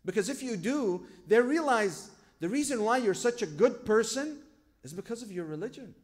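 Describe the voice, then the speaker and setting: A man giving a sermon as a sheikh. He tells stories from his own life, asks rhetorical questions and quotes scripture. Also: high voice. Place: lecture hall at a religious gathering.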